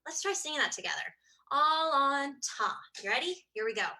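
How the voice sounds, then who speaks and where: High, bright-voiced woman teaching children music. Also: expressive, moderate pace, low-quality recording. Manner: cheerful sing-song teaching, counting rhythms aloud. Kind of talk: livestreamed children's music lesson.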